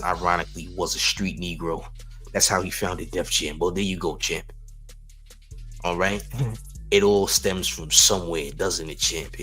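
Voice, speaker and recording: A man's voice: low voice, a bit bright. A man hosting a hip-hop news stream, talking sarcastically with frequent chuckles. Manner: sarcastic, chuckling, calls viewers "champ". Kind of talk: live-stream commentary.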